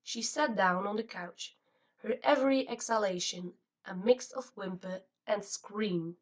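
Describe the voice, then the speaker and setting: Woman reading a novel out loud, steady and expressive, mic kinda far. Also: mid-range voice, measured pace. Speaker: audiobook narrator. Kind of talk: scripted narration.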